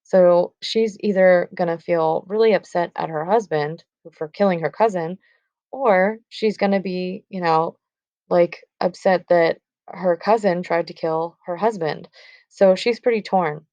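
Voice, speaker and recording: A woman teacher explains a stage play in a casual, filler-laden way. Her voice is low and gravelly. The recording is dry and dull, with a lo-fi sound. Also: unhurried, dark tone, no room sound. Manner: casual, with fillers like 'um' and 'like'.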